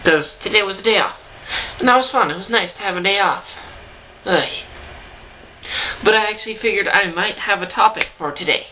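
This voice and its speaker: A woman's voice: medium pitch, normal speed, long pauses, pushed and bright, slight background noise, rough recording. A young woman vlogging from home into her camera mic, chatting casually and rambling with self-deprecating asides. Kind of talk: casual vlog chat. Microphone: camera mic, talking to camera.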